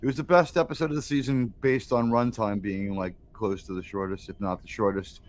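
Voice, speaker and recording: A man's voice: on the low side, steady tone, brisk. A man hosting a casual reaction chat, blunt and profane, who laughs often. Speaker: host.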